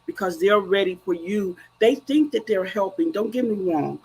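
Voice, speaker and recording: A woman's voice: mid-range voice, normal speed, a little mellow, breathy edge, poor audio. A woman grief coach speaking earnestly and emphatically in a faith-based, preacherly way. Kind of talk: faith-based conversational talk.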